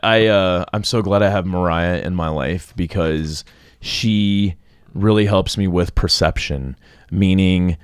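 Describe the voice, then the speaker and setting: A man's voice: sits low, measured pace, smooth, dry recording, studio quality. A man co-hosting a podcast in casual chat, laid-back and playful, often laughing along. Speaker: podcast co-host.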